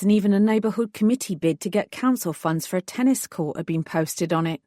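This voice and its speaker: A woman reading a first-person audiobook in a measured, wry storytelling manner. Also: medium pitch, darkish tone, no echo, clean studio sound. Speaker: audiobook narrator. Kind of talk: scripted first-person narration.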